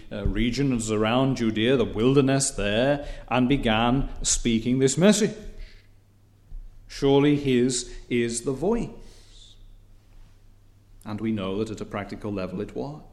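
A man preaching a sermon in a measured, repetitive cadence that builds in emphasis, with occasional hesitant fillers. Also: medium pitch, a little mellow.

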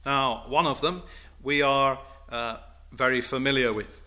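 Slow, emphatic preaching man. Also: mid-range voice, pushed and bright. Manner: slow, deliberate, emphatic preaching with rising declamation on quotes; formal, old-fashioned wording. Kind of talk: sermon.

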